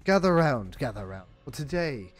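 A man's voice: very animated, moderate pace, faint music behind. Man putting on a pompous Cockney fight announcer. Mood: grandiose. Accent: put-on Cockney British. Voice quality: booming, grandiose, pompous. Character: theatrical male British fight announcer. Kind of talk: reading an AI battle story aloud on stream.

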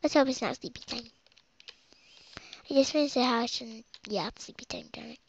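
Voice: mid-range voice, normal speed, slight background noise. A child rambling through game commentary as host of their own let's play, with muttered asides. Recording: dull lo-fi home recording.

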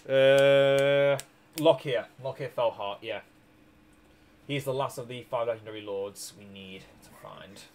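A man's voice: medium pitch, unhurried, darkish tone, slight background noise. A man streaming a strategy game, rambling through his moves with restarts and small chuckles while tired and hiccuping. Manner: rambling, self-correcting, chuckling. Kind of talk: casual gameplay commentary.

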